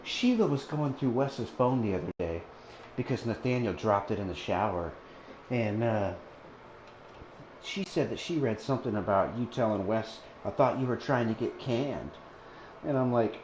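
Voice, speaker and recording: A man's voice: mid-range voice, moderate pace, a little mellow, a little hiss or hum, low-quality recording. A man chatting casually while playing a video game with a friend, blunt and swearing constantly as he rambles. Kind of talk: casual chat over gameplay.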